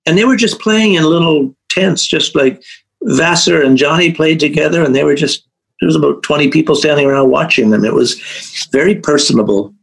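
A man's voice: on the high side, fairly quick, gravelly, slightly rough, poor audio. A man hosting a music podcast, chatting casually and sharing an enthusiastic memory, with phrases repeated for emphasis. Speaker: podcast host. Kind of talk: casual chat.

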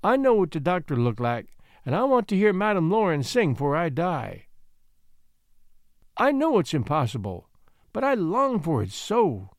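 A man's voice: a little high, huge pitch swings, moderate pace, no room sound, clean studio sound. A man voicing a dying little French girl with a French accent, speaking broken English through tears. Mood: sobbing.

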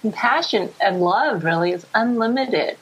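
Guest psychologist, middle-aged woman, husky voice, animated explainer. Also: medium pitch, moderate pace, low-quality recording. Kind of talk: podcast interview.

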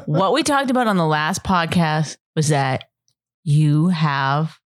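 A woman's voice: low voice, slow pace. A woman co-hosting a podcast, chatting casually in an exasperated, teasing way and swearing freely. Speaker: podcast co-host.

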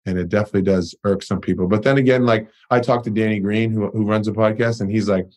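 A young man with a fairly low voice talks as a podcast guest in a loose, unguarded way. He swears freely and leans on lots of "you know" and "like". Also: fairly even intonation, fast, a little mellow. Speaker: guest, pro basketball player. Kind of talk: casual interview chat.

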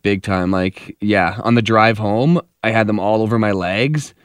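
A man's voice: fairly low pitch, a little slow, smooth, dry recording, studio quality. Easygoing man on a radio show. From Canada. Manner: easygoing, jokey. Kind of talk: casual radio banter.

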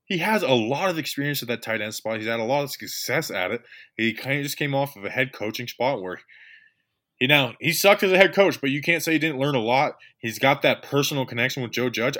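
A man's voice: medium pitch, bright, forceful tone. A man co-hosting a casual sports podcast, joking and blunt with his co-host.

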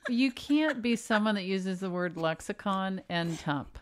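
A woman comedian co-hosting a casual podcast, teasing with a dry, deadpan manner. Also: medium pitch, measured pace, noisy background. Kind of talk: casual chat.

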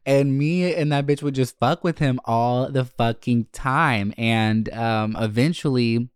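Brash foul-mouthed guy on a podcast mic, spilling stories, smooth clear voice, dry close sound. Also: medium pitch, measured pace, no room sound. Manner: brash, profane, animated storyteller who acts out quotes. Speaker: podcast host. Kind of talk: casual storytelling chat.

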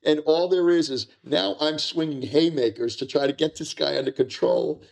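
Gravelly-voiced older American man. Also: fairly high pitch, moderate pace. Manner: excitable, repeats words, acts out quotes. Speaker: guest, retired drug agent. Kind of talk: animated war-story telling.

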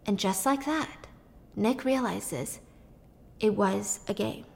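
A woman casually retelling a film's plot in an animated, chatty way, swearing freely. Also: mid-range voice, takes it slowly, gravelly, pauses often. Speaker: storyteller. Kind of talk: casual movie plot recap.

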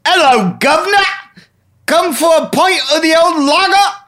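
A man's voice: extremely high pitch, lively intonation, normal speed, pushed and bright, pitched above the performer's own voice, heavily acted. A man voicing a cheerful male barkeep with a put-on Cockney accent who keeps repeating one stock greeting. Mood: cheery greeting.

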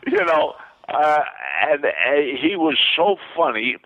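An older man from Queens, New York, with a fairly high voice and lively intonation speaks slowly over a tinny phone line. As a phone interview guest, he tells rambling, enthusiastic stories and restarts often.

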